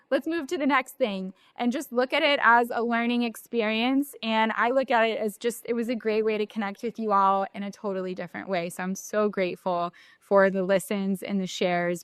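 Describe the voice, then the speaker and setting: A woman's voice: mid-range voice, fairly bright tone, clear, resonant tone, dry recording. A woman co-hosting a podcast in earnest, reflective casual chat, recorded remotely. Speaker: podcast co-host.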